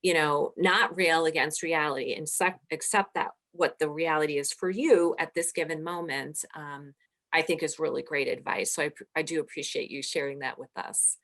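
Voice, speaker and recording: A woman's voice: low-pitched, fairly even intonation, normal speed, a bit bright. A woman hosting an interview, talking in a chatty way and sharing personal anecdotes with frequent fillers. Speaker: podcast host. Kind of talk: conversational interview.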